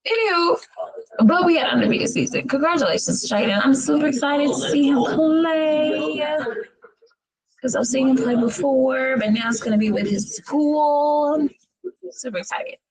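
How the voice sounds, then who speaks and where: A woman's voice: high voice, normal speed, a crowd in the background, low-quality recording. A woman in her thirties who has lost her voice, chatting as a podcast co-host with churchy exclamations. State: hoarse, lost voice. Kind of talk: casual chat.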